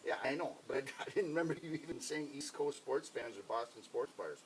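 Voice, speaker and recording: A man's voice: mid-range voice, lively intonation, a little fast, far from the mic, slight background noise, rough recording. A man co-hosting a casual sports podcast, bantering with dry teasing humor. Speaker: podcast co-host.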